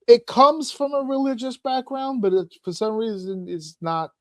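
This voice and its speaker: A man's voice: very high-pitched, moderate pace, dry recording, studio quality. A man hosting a podcast, telling funny stories in casual chat and acting out voices, laughing often. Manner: animated storyteller, acts out voices, laughs often. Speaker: podcast host.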